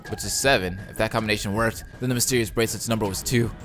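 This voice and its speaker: Let's play host, male, excitable, reads game text, game music bed. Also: on the low side, racing. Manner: excitable, reacting loudly. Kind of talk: gameplay commentary and text reading.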